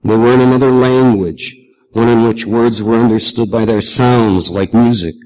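A man reading literary fiction aloud in a measured, reflective way. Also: medium pitch, fairly even intonation, darkish tone, long reverb tail, rough recording. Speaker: reader.

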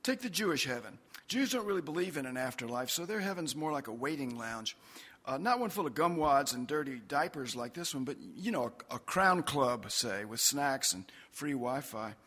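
A man's voice: mid-range voice, lively intonation, moderate pace, bright, forceful tone, husky, big-room sound. A man voicing a wry, casual male devil chatting in an airport, in a laid-back, sardonic way. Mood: chatty.

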